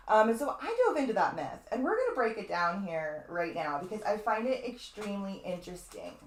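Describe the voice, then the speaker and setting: A woman's voice: medium pitch, expressive, fairly quick. Chatty woman astrologer in an echoey room. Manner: chatty, digressive, fond of asides and mild swearing. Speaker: astrologer teaching a webinar. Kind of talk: casual spoken lecture.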